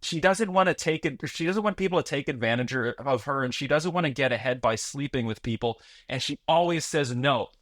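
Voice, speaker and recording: A man's voice: mid-range voice, brisk, few pauses, fairly bright tone, no room sound, studio quality. A man co-hosting a movie review podcast, making his points earnestly in a rambling way, restarting his sentences and swearing casually. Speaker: podcast co-host.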